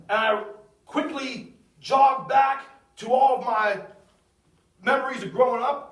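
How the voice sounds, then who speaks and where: A man's voice: extremely high pitch, measured pace, long pauses, recorded from a distance. Man telling his story in an echoey room. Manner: storytelling, swings from loud outbursts to hushed near-whispers. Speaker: speaker sharing a personal testimony. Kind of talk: testimony talk.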